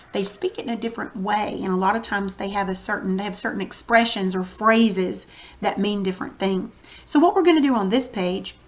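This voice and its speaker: Texan woman teacher, conversational, walks kids through a reading lesson. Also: medium pitch. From Texas. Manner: friendly explaining, conversational.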